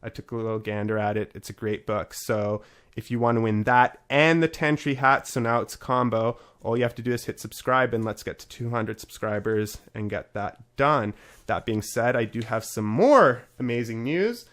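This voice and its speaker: A man's voice: mid-range voice, moderate pace, a bit bright. A man hosting a casual podcast, chatty and upbeat as he runs through promos and talks with his guest. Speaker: podcast host.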